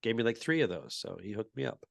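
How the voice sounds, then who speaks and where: A man with a low, gravelly voice co-hosts a casual comedy podcast. He tells relaxed, rambling anecdotes and often trails off into quiet asides. The recording is close and dry. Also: fast, no room sound. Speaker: podcast co-host, comedian and voice actor.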